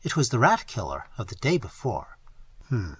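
A man narrating an audiobook in an expressive, dramatic reading style, close to the mic. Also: mid-range voice, brisk, husky. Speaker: audiobook reader.

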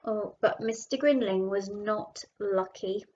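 A woman teacher reading a children's picture book aloud, adding gentle chatty asides, in a dull lo-fi recording. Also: medium pitch, slow.

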